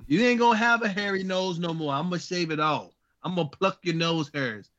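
A man's voice: high voice, fairly quick, fairly bright tone. A man, a charity founder guest, chatting casually over a video call in a playful, teasing way. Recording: dull lo-fi call audio.

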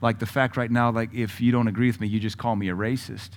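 A man preaching a sermon with a blunt, combative delivery, breaking into loud bursts and mocking asides. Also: medium pitch, level tone, quick pace, slight background noise. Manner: mocking mimicry of other voices. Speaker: pastor.

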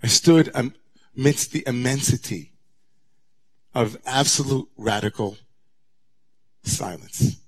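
Male rabbi, mid-pitched voice, sermon delivery with dramatic hush-to-raised swings. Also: slow pace, pauses often.

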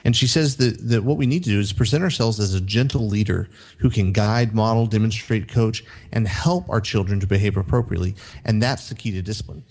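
A man's voice: on the low side, a little fast, few pauses, a little mellow. Earnest man summarizing an article. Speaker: podcast co-host. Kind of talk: casual chat, reading quotes.

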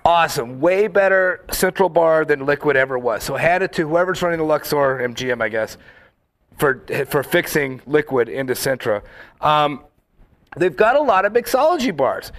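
A man in casual chat, telling rambling, animated stories full of fillers and acting out quoted lines. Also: fairly high pitch. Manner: acts out quoted lines in the story.

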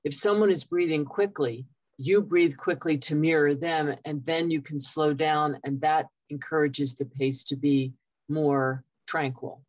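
A woman's voice: low voice, steady tone, unhurried, darkish tone, low-quality recording. Attentive woman hosting a video call. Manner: attentive, affirming, repeats key points back. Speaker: interview host.

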